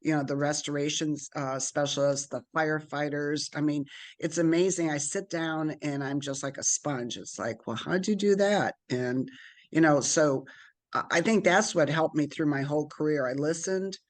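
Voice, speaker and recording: A woman's voice: sits low, normal speed. A middle-aged woman being interviewed as a guest, telling stories about her career and acting out the voices of people she quotes. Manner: lively storyteller, acts out quoted voices. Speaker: guest, business owner. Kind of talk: conversational storytelling interview.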